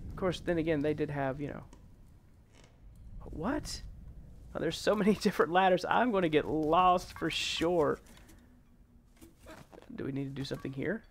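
A man hosting a first-time gameplay video, jumpy and excitable, yelping, laughing and taunting the enemies on screen. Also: a little high, gravelly, slight background noise. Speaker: gaming channel host.

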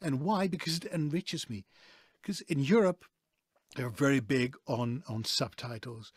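A man's voice: mid-range voice, unhurried, husky, no room sound, studio quality. A man with a Dutch accent, telling stories as a guest in a casual interview. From Netherlands. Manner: lively, expressive storyteller. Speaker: guest, voice actor.

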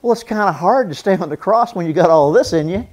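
A man's voice: high-pitched, expressive, fast, a little mellow. A man teaching a marriage seminar as a pastor, earnest, repeating phrases for emphasis and acting out spoken apologies.

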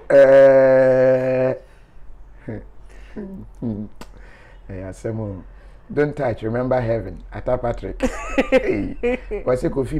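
A man's voice: medium pitch, dark tone, a little hiss or hum. A man, a show host reading viewer comments aloud in a playful, teasing way with frequent laughter.

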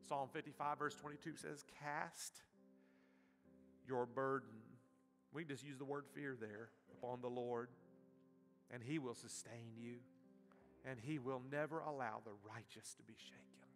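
A male pastor preaching a sermon, surging loud with passion and then dropping to a soft hush. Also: medium pitch, fairly even intonation, unhurried. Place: church sanctuary. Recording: reverberant church hall with soft guitar.

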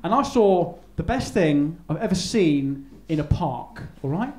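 A man's voice: on the high side, expressive, measured pace, a little mellow. A man doing live stand-up, telling a rambling story with stammers and restarts. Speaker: stand-up comedian. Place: live comedy venue. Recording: echoey live room with noise.

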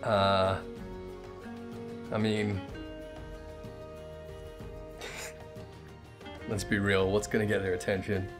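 A man's voice: lowish voice, flat delivery, drawn-out words, pauses often, over music. A man giving casual, wry let's play commentary with chuckling asides. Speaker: gamer.

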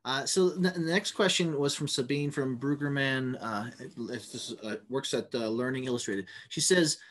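A male moderator reads audience questions aloud and reacts to the answers, pausing often on fillers. His pitch sits in a middle range. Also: a bit bright. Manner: hesitant, many fillers.

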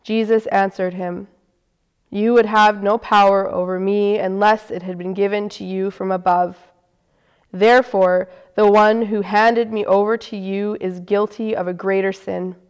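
Woman, Good Friday scripture reader, smooth clear voice, unhurried, long church reverb. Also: mid-range voice, steady tone.

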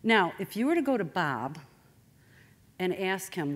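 A woman giving a motivational talk, animated and straight-talking. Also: fairly low pitch, a little slow, long pauses, slightly rough. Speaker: speaker.

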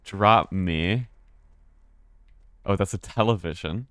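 Low-voiced American man streaming a game. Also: takes it slowly, a bit bright, smooth, dry recording. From United States. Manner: chatty, restarts words, swears casually. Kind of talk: live gameplay commentary.

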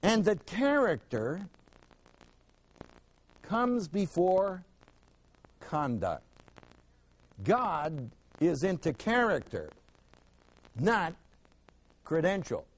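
Male Bible teacher, high and very lively delivery, emphatic, quizzes his class. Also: drawn-out words, pauses often, poor audio. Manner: emphatic, rhetorical questions, repeats words for stress.

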